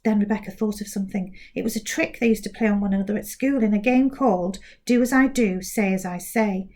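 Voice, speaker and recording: A woman teacher reading a children's book aloud, slow and clear. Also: medium pitch, darkish tone.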